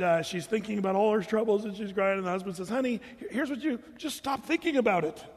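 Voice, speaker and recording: A man preaches with a relaxed, joking delivery, pausing for asides to the congregation. His voice sits fairly high for a man. The sound rings with a long reverb, like a big hall. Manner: humorous, conversational preaching with quoted asides. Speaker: pastor. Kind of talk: sermon.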